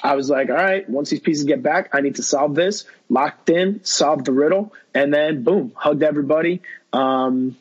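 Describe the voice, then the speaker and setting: A man's voice: on the high side, normal speed, husky, muffled recording. A young man talking as a podcast guest, telling a long story in rambling casual chat full of fillers and quoted dialogue.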